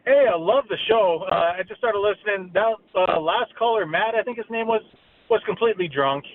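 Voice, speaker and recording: A man calling into a radio show, talking quickly in a stammering ramble. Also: sits high, expressive. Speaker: caller. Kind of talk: call-in radio chat. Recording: tinny phone line with faint noise.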